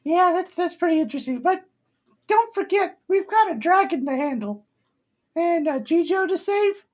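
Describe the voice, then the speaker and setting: A man voicing a cheerful male adventurer companion in a tabletop game, in a chirpy, high voice. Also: expressive, normal speed, a little mellow. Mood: upbeat.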